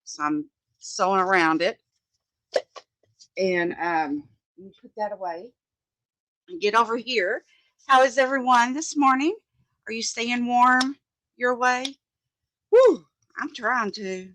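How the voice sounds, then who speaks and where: Woman, live-stream craft host, slow unhurried talk, greets viewers by name, thinks out loud, dry room, phone mic. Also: on the high side, no echo. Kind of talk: casual live-stream chat while crafting. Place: home craft desk.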